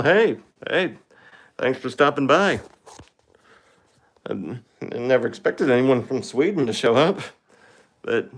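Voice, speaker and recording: A man streaming live into his phone, chatting casually in a rambling, hesitant, self-deprecating way. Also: medium pitch. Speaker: livestreamer.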